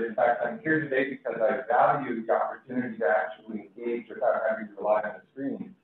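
A man, a block captain, speaking frankly and critically at a community meeting. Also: medium pitch. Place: city meeting room. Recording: echoey hall, far from mic, phone-like.

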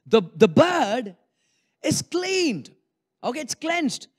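Animated high-voiced male pastor preaching. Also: slow pace. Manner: animated, acts out congregants' inner thoughts with humor. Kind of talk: sermon.

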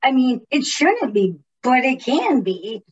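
A woman's voice: sits high, big pitch swings, takes it slowly, slightly rough, recorded from a distance, muffled recording. A woman who directs public policy, chatting informally about the legislative process with many fillers and restarts. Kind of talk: casual informational chat.

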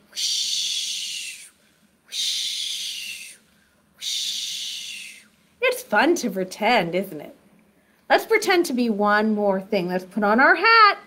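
A woman hosting a children's sing-along activity lesson, who talks slowly and encouragingly, straight to young children at home. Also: high voice, sharp tone. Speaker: children's program host.

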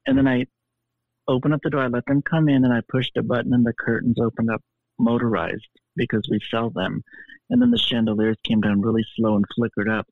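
A man spins a story in a flamboyant, theatrical manner, his voice thin and tinny as if coming through a phone line. The sound is dry, with no room around him, and his pitch sits at an ordinary middle for a man. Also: animated, fairly quick, creaky, dry recording. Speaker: podcast guest. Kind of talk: animated storytelling.

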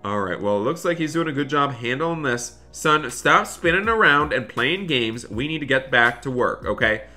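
A man's voice: mid-range voice, expressive, normal speed, sharp tone, faint music behind. A man doing chatty Roblox roleplay commentary, talking to viewers and his in-game son, with dramatic bursts of dismay.

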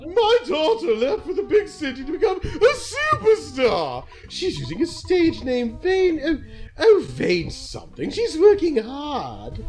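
A fussy, proud middle-aged mother, put on by a gamer. The voice is raised with a lively, bouncing pitch. Game music plays faintly behind. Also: a little slow, full character voice.

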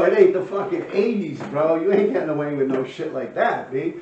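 A man's voice: fairly high pitch, animated, fairly quick, a little mellow, a little hiss or hum. Streetwise New man in his fifties. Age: 50s. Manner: streetwise, profane, rambling with frequent fillers. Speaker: storyteller. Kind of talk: casual storytelling. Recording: echoey, distant, muffled room recording with faint ambience.

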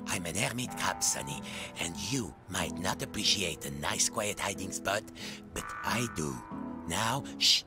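A man's voice: low-pitched, expressive, a little slow, music in the background. A man voicing a fussy, rude, timid hermit crab in a video game, scolding in huffy quips. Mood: grumpy.

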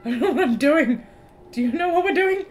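A woman's voice: high voice, expressive, brisk, darkish tone, soft background music. A woman hosting a casual let's-play, giggly and self-deprecating as she plays. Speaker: gaming channel host playing the game.

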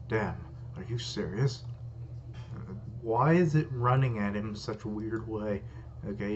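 A man reading a comic live and reacting with casual running commentary that swears freely. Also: on the low side. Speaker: host. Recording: dull lo-fi, faint hiss.

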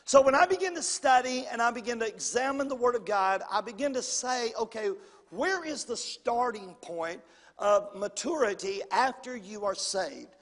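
A pastor with a very high, expressive, slightly bright voice preaches at a moderate pace, folksy and repetitive, inviting the congregation to call back. The church sanctuary gives a long reverb.

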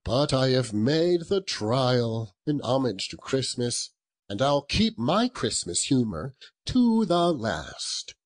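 A man's voice: mid-range voice, sing-song, takes it slowly, pitched above the performer's own voice. A man doing an earnest cheerful young nephew. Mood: pleading. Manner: earnest, pleading, with soft laughs. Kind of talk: audiobook character voice.

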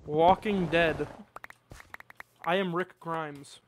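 Playful high-voiced young male streamer. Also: steady tone, drawn-out words, crowd noise. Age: young adult. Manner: joking, playful, chatty. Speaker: gaming streamer. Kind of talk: casual gaming livestream chat.

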